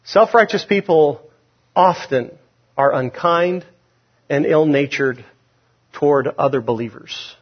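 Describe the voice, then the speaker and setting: A man preaching a sermon, emphatic, rising loud on key points and dropping low. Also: slow, pauses often. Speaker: pastor. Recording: dull lo-fi sound.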